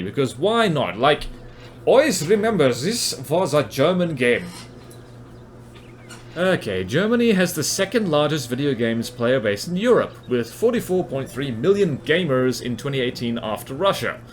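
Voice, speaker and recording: A man's voice: medium pitch, very animated, moderate pace, a little hiss or hum. A man from New Zealand with a New Zealand accent, giving rambling, self-mocking commentary over his gameplay. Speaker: gaming commentator.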